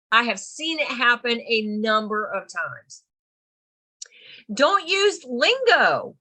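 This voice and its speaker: A woman's voice: high voice, expressive, a little slow, bright, forceful tone. A woman with a Southern US accent teaching a real estate continuing-education class. She stresses her points emphatically and often repeats them. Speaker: real estate course instructor.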